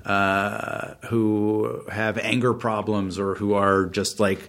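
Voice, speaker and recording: A man in casual podcast talk, reflective and pausing as he searches for words. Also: lowish voice, flat delivery, fairly bright tone.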